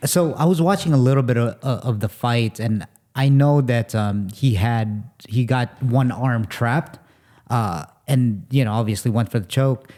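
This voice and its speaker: A man's voice: medium pitch, measured pace, a little mellow. A man hosting an interview, asking long, rambling questions full of fillers and restarts. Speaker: interviewer, host.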